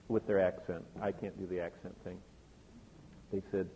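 A man's voice: sits low, fairly even intonation, moderate pace, pauses often, warm tone, a little hiss or hum. Older guy preacher, chatty storytelling sermon, lots of asides to the crowd, long reverb. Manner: conversational storyteller with frequent asides to the congregation. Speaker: pastor. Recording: tinny phone-like sound with long hall reverb.

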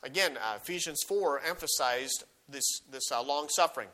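A man's voice: medium pitch, normal speed, pushed and bright. A man preaching a sermon, reading scripture aloud with rising emphasis and explaining it, often restarting and repeating words.

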